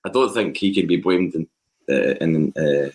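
Deep-voiced Scottish man, measured. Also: expressive, darkish tone. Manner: measured, weighs his points with restarts. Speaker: podcast guest pundit. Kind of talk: casual football podcast chat.

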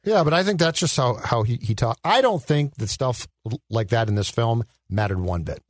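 A man co-hosting a casual movie podcast, talking in an animated way and asking rhetorical questions. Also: normal speed, dry recording, studio quality. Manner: animated, rhetorical, swings in pitch. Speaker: podcast co-host.

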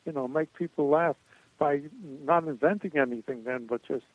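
An older man reminisces with a storyteller's meandering rhythm, dotted with hesitations and restarts. His voice sits a little high for a man and comes through a thin, phone-like line with no room sound at all. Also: moderate pace, no echo. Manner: rambling anecdotes with frequent uh and restarts. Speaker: guest comedian. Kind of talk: storytelling in a radio interview. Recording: tinny dry phone line.

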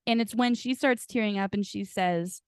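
A woman's voice: mid-range voice, normal speed, clear, resonant tone, no room sound, clean studio sound. A young woman hosting a podcast, chatting casually and gushing, laughing often and acting out quoted lines. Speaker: podcast host. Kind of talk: casual chat.

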